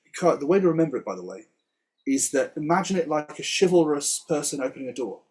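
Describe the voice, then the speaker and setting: A man teaching Hebrew words in a relaxed Torah study conversation, chatty and quick to laugh. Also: fairly high pitch, husky. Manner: chatty, laughs often, explains word by word. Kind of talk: casual Torah study chat.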